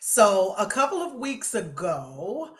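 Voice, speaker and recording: A woman co-hosting a sports podcast, talking in an animated, emphatic, mocking way. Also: mid-range voice, takes it slowly. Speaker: podcast co-host. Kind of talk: casual sports chat.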